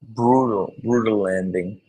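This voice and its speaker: A man hosting a casual live stream, chatting in a rambling, excitable way and swearing freely. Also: fairly low pitch, a little slow, low-quality recording. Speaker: streamer host.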